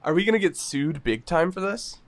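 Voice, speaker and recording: A man co-hosting a podcast, telling stories in a giggly, animated casual chat. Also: sits high, a little fast. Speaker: podcast co-host.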